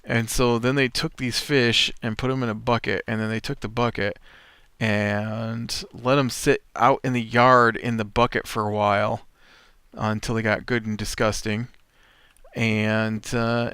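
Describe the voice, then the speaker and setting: A man chats through his gameplay in a smooth, clean voice of middling pitch. His talk wanders and fills up with uhs and false starts, with a dry wry humor. The recording is close and dry, with no room sound around him. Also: steady tone, takes it slowly, fairly bright tone, dry recording. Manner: rambling, full of uhs and restarts, wry. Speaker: let's play host. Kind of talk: casual storytelling while playing a game.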